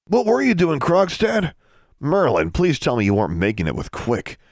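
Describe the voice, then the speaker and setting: A man's voice: fairly high pitch, huge pitch swings, normal speed, no room sound, clean studio sound, pitched above the performer's own voice. A man voicing a smug, taunting older schoolboy wizard.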